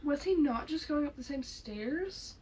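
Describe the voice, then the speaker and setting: A woman's voice: sits high, animated, a little slow, warm tone, slight background noise. A young adult woman co-hosting, chatting about the clips with lots of likes. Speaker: co-host reacting to videos. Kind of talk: casual reaction chat.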